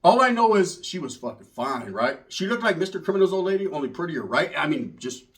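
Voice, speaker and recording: A man's voice: on the high side, sing-song, brisk, fairly bright tone. A man telling a rambling, profane street story in casual slang, full of asides. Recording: voice from far off the mic.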